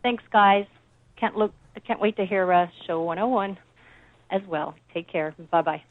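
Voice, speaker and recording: A woman's voice: medium pitch, moderate pace, no room sound, phone-quality sound. A woman leaving a recorded message for a podcast, effusive and thankful. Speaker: guest sending a recorded message.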